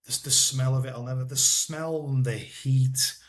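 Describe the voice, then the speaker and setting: A man, telling his own life story in an interview, halting and repeating himself, often trailing off quietly. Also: mid-range voice, fairly even intonation. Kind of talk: personal storytelling in a podcast interview.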